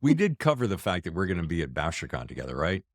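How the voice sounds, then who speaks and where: A man's voice: low-pitched, huge pitch swings, quick pace, no room sound. A man hosting an interview podcast, chatting casually in a jokey, enthusiastic way. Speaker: podcast host.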